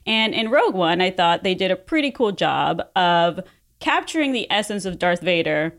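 A woman in her forties on a casual podcast panel, rambling with many fillers. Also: fairly low pitch.

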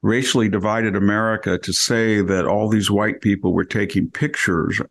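A man's voice: fairly low pitch, fairly even intonation, normal speed. A man giving argumentative opinion commentary on a podcast, firing off rhetorical questions and often restarting his sentences. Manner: frequent restarts and self-corrections. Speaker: podcast regular.

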